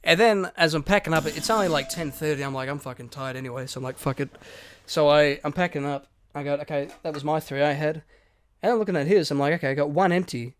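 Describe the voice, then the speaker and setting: A man, co-hosting a podcast, telling a story in lively casual chat, swearing and acting out quotes. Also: fairly high pitch, fast talker, slight background noise. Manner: animated storyteller, swears a lot, acts out quotes. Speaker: podcast co-host.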